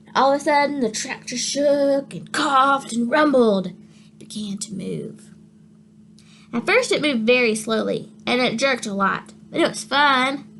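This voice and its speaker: A woman reading a children's picture book aloud, with expressive, animated storytelling. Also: sits high, slight background noise. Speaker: storybook reader.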